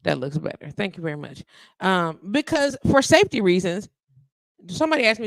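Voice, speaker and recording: A woman hosting a live internet radio show in casual chat. She is sassy and animated, and she acts out the people she talks about in quoted voices. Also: mid-range voice, brisk, no room sound, clean studio sound.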